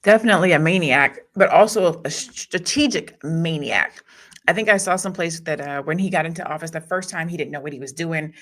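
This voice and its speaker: Fast-talking, bright-voiced panelist. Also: mid-range voice. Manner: fast, animated, acts out quotes. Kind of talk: casual panel discussion.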